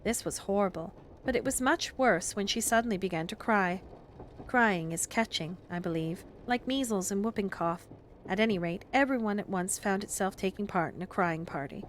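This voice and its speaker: Calm woman reading a bedtime story. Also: mid-range voice, slight background noise. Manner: calm, gentle and measured. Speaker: streamer reading aloud.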